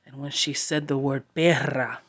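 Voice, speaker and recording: A woman sharing a personal story to camera, halting and heartfelt, with long pauses. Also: rumbling low, fairly even intonation, slightly rough.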